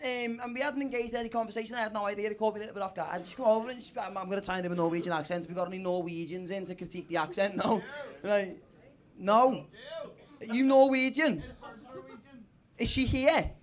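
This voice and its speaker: A man's voice: sits high, fast. A young man with a Liverpool accent doing stand-up, telling a crude, self-mocking story and laughing through his lines. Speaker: stand-up comedian. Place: comedy club stage. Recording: live club with crowd.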